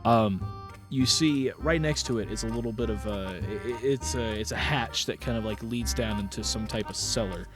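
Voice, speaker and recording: A man's voice: on the low side, normal speed, music in the background. A young man narrating as game master of a tabletop game, rambling with lots of fillers and restarts.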